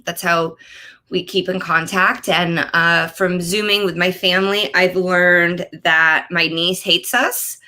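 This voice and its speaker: A woman in her thirties performs stand-up from her home office, speaking into a computer mic on a video call. Her voice is bright and sharp, and she rants, her pitch jumping way up on punchlines. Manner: animated, ranting, jumps into high-pitched outbursts. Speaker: stand-up comedian. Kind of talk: stand-up comedy set over video call.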